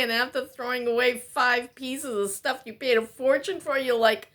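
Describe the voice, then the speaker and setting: A woman's voice: on the high side, steady tone, moderate pace, hardly any pauses, sharp tone, slight background noise. A woman vlogger delivering a rambling, exasperated, self-mocking monologue.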